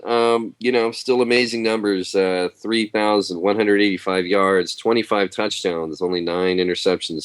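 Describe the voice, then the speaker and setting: A man on a fan podcast panel, steadily reading off sports stats with fillers. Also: low voice. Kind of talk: casual chat.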